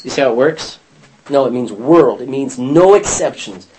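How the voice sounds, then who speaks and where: Lively man teaching a Bible class. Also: mid-range voice, normal speed, a little hiss or hum, rough recording. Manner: lively, questions the class, reads scripture aloud.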